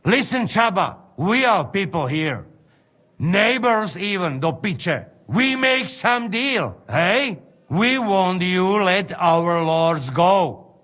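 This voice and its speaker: A man's voice: high voice, animated, slow pace, a bit bright, exaggerated voice. An actor playing a blunt male mercenary with a Slovak accent, speaking broken English in a game cutscene.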